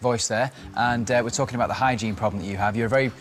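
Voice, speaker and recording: A man's voice: mid-range voice, fairly even intonation, racing, slight background noise. A man hosting a children's prank show, jokey and theatrical as he chats with a young helper. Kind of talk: playful presenting to a child.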